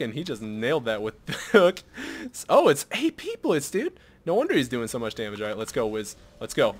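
A young man giving live commentary over his own game at a computer, swinging from muttered asides to loud shouts at big plays and swearing casually. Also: medium pitch, sing-song, fairly quick. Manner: swears and jokes casually, mutters to himself while shopping. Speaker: gameplay commentator.

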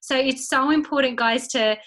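A woman's voice: high voice, normal speed, fairly bright tone, poor audio. A young woman giving a chatty motivational talk to her team, acting out little inner voices and phone calls. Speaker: team leader speaking to her business team.

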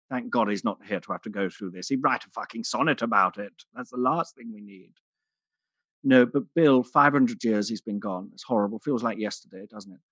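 A character comedian with a mid-range, fairly bright natural voice does a stand-up act as a vain, theatrical aging actress, full of grand luvvie manner and calling everyone darling. The recording is dull, dry and lo-fi, with no room sound.

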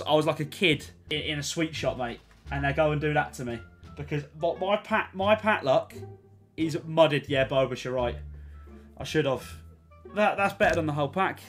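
High-voiced English lad ranting at a game. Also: male voice. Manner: swearing, excitable, swings between ranting and cheering. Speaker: streamer. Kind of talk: live game commentary to chat.

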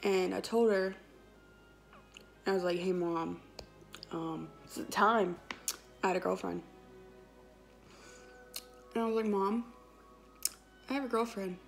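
A woman's voice: mid-range voice, fairly even intonation, slow pace, gravelly, long pauses, soft background music. A woman, telling a personal story in a casual, chatty vlog with lots of quoted dialogue. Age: 20s. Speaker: vlogger.

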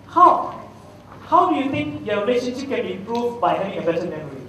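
A man's voice: sits high, big pitch swings, brisk, pushed and bright. A middle-aged man with a Malaysian English accent giving a humorous public talk, telling anecdotes and quizzing his audience. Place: large hall at a festival. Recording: echoey hall, mic at a distance.

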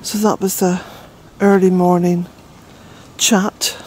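Older Irish-born woman vlogging in her garden, mellow tone, breathless and chatty, faint outdoor noise behind. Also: on the low side, flat delivery, takes it slowly, poor audio. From Ireland. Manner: rambling, chatty, with fillers. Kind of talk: casual walk-and-talk narration.

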